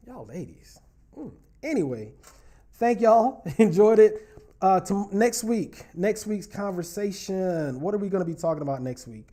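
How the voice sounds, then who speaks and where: A man with a high, mellow voice hosts a relationship talk show. He chats casually and speaks straight to his audience, playfully teasing viewers as he reads their comments on a relaxed livestream.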